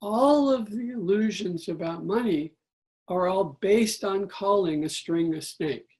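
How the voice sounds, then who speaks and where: High-voiced man telling a story. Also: unhurried. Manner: animated storyteller, acts out quotes. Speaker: guest speaker. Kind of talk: spiritual business talk.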